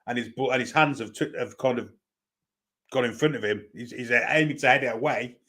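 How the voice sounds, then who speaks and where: Male fan commentator, steady mid pitch, partisan running play-by-play. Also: brisk. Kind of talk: live watchalong commentary.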